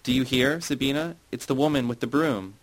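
A bitter, wistful middle-aged woman, as read by a man in a low voice. She confesses, needles others with sarcasm and dares them. The read stays close to a storyteller's natural voice. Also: a little fast, natural voice, rough recording. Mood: sarcastic.

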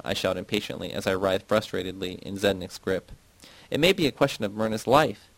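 Male audiobook reader, low voice, dry close sound, lifts his pitch for dialogue. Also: a little fast, vocal fry, no echo, poor audio. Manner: acts dialogue with raised, shouted lines. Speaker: audiobook narrator. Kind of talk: reading a novel aloud.

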